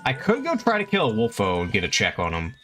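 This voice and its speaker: Young male streamer, animated pitch, cusses casually, faint game music underneath. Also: fast. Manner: chatty, swears freely, talks to chat and the game. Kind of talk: casual gameplay commentary.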